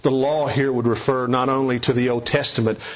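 A man's voice: fairly even intonation, brisk. A man preaching an expository sermon, emphatic, reading scripture aloud and swinging his voice up and down for quoted speech. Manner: emphatic, shifts pitch widely for quoted speech. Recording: dull lo-fi recording.

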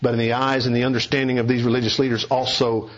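A man's voice: flat delivery, quick pace, a little hiss or hum. A man preaching an expository sermon, emphatic, reading scripture aloud and swinging his voice up and down for quoted speech. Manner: emphatic, shifts pitch widely for quoted speech. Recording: dull lo-fi recording.

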